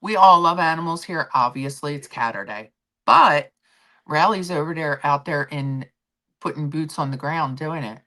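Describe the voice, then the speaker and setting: Low-voiced chatty woman streamer. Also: normal speed, sharp tone. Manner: chatty, rambling, reads and answers chat comments. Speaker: livestream host. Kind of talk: casual chat with viewers.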